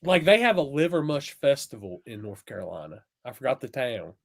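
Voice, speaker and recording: Brief: male host, casual chat, expressive and teasing, lively pitch, dry close sound. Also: fairly quick, vocal fry, no room sound. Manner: expressive, teasing, drawled asides. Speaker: podcast host.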